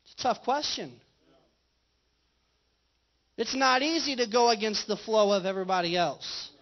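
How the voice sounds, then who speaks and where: Pastor preaching over dull livestream audio. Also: male voice, sits high, animated, normal speed. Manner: conversational, asks the congregation questions. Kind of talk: sermon. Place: church.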